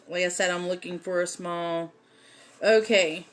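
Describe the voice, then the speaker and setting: Unhurried low-voiced woman teaching magic. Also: fairly even intonation. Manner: chatty, many um fillers. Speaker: host teaching folk magic. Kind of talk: casual livestream lesson.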